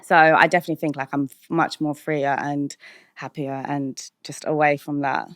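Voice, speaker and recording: A woman's voice: low voice, fairly even intonation, moderate pace, no echo, clean studio sound. A British woman DJ talking candidly as a podcast guest, chatty and full of "like" and "um", laughing often. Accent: British English.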